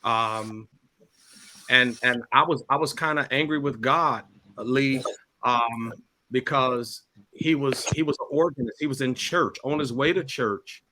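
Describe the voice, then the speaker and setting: A middle-aged man, a pastor, talking about his grief in a halting way, often repeating words. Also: mid-range voice, pushed and bright. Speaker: pastor and guest. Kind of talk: emotional talk-show testimony.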